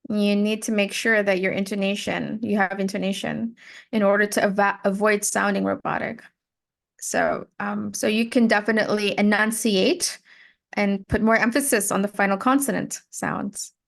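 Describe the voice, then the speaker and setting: A woman's voice: mid-range voice, steady tone, normal speed, gravelly. A woman tutoring English pronunciation, explaining patiently and modeling words and sentences. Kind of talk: giving spoken feedback in a one-on-one lesson.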